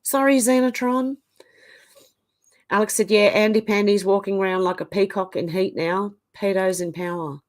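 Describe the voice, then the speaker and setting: Aussie woman host, mid-pitch, reads chat comments and chats back, still coughy from flu. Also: a little fast, few pauses. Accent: Australian. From Australia. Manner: reads viewer comments aloud and reacts, chatty with fillers. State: getting over the flu, coughing. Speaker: live stream host. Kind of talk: casual live-chat reading.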